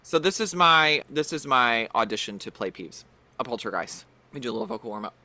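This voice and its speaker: A man's voice: medium pitch, lively intonation, a little fast, sharp tone, slight background noise. A man hosting a podcast, chatting playfully and animatedly about pop culture. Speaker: podcast host. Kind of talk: casual pop-culture chat.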